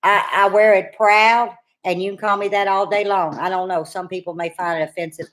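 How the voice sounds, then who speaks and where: A woman's voice: medium pitch, flat delivery, brisk, a bit bright. A middle-aged woman with a Louisiana Southern accent, co-hosting a casual live chat in a folksy, teasing, chatty way. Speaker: co-host of a live cooking chat stream.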